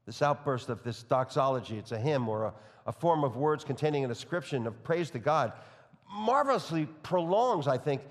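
A man preaching an expository sermon with a slight New York accent that surfaces when he gets excited and talks fast. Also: high voice, big-room sound. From New York area. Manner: enthusiastic, speeds up when excited, reads scripture aloud. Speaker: pastor.

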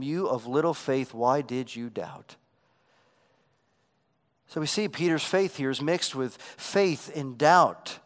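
Male pastor, sermon, rising to emphasis then dropping to a hush, slightly high voice. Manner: preaching with swings from emphatic to hushed.

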